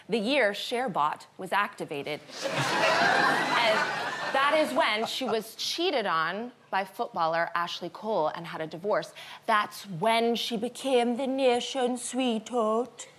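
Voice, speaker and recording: A woman guest on a comic panel show, delivering a deadpan, mock-serious joke routine, recorded in a TV studio with a loud audience. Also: medium pitch, unhurried, a crowd in the background, noisy background.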